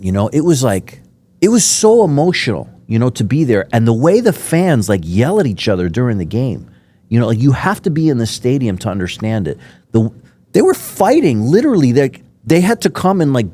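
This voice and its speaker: A man's voice: mid-range voice, dark tone. A man from Miami hosting a podcast interview, telling rambling, enthusiastic stories with many fillers. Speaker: podcast host. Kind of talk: casual interview chat.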